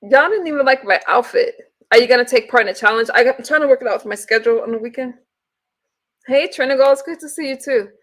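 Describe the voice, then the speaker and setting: A woman's voice: high voice, fast. Blunt, profane woman ranting on a livestream. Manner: blunt, profane, greets chat viewers mid-rant. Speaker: livestream host. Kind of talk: casual livestream rant.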